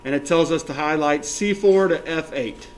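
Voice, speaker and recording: A male teacher giving a classroom software lesson step by step, often checking that everyone is following and counting options aloud. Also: on the high side, normal speed, a little hiss or hum.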